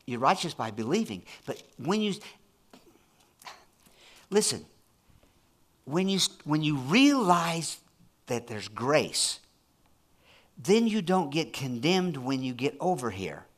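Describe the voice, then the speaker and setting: Preacher guy at a church service, really animated, swings his voice up n down, keeps repeating lines. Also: a little high, slow, pauses often. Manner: animated and emphatic, repeating phrases. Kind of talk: sermon.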